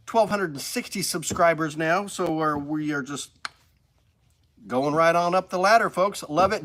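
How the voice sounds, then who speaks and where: A man's voice: a little high, fairly bright tone. A man from the hosting a casual live stream from a music store studio, upbeat and rambling.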